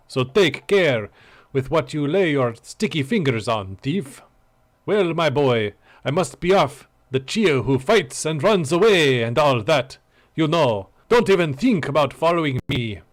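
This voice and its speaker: A man voicing a scheming male sorcerer villain who gloats in a slow, theatrical way. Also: fairly high pitch, lively intonation. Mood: menacing.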